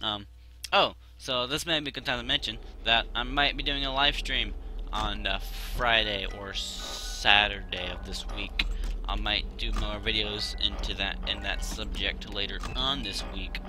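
A young man giving excitable let's-play commentary on a horror game, yelping and shouting when startled. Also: fairly low pitch, measured pace, music in the background. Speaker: gaming YouTuber.

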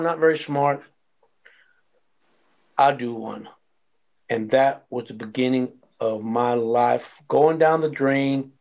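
A man's voice: medium pitch, gravelly. A man telling his life testimony in an interview, acting out the voices in his story. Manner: animated storyteller acting out quoted dialogue. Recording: dull lo-fi sound.

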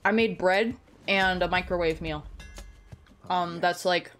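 Sitting close to a desk microphone at home, a woman streamer chats casually during a gaming stream, rambling in a joking, self-deprecating way. Her voice is on the low side, unhurried and fairly bright, with faint music behind it.

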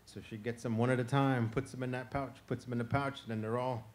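A male storyteller from Florida recounts an old animal tale in a loose, chatty rhythm, building the scenes with vivid detail. His voice sits at an ordinary middle pitch for a man. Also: quick pace. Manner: relaxed, conversational, vivid. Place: outdoor festival stage.

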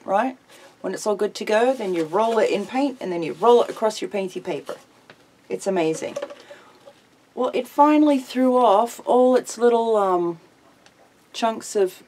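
A woman's voice: a little high, darkish tone. An older woman chatting casually to camera as a craft vlogger at her table at home, rambling and giggling easily.

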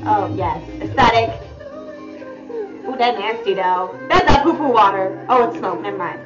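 A young woman reacting to a music video, excitable and profane, gasping and exclaiming as she comments. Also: mid-range voice, normal speed. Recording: slightly muffled audio with music playing behind. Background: music video playing.

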